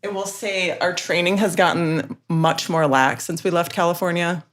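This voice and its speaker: A woman's voice: lowish voice, fairly even intonation, moderate pace, fairly bright tone. A young woman hosting a stream from home, chatting casually and giving playful, coaxing commands to her dog. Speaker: livestream host. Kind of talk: casual chat while training a dog.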